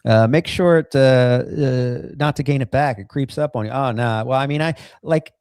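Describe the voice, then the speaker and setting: Halting man hosting a casual home show. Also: mid-range voice, darkish tone, smooth, no room sound, studio quality. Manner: halting, many restarts and fillers, swears freely. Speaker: podcast host. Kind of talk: casual chat.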